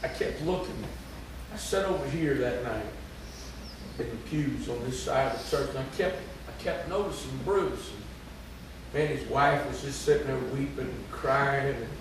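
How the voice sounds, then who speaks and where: A man preaching a sermon as pastor, telling a story in a folksy way and often repeating "he said.". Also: medium pitch. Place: church sanctuary. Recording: echoey church from far off, with noise.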